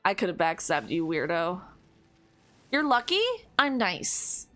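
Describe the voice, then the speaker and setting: A woman streamer giving casual, playful commentary while gaming. She swears, taunts the enemy and rambles quickly to herself. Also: fairly low pitch, sing-song, sharp tone, faint music behind. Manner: rambling fast self-talk.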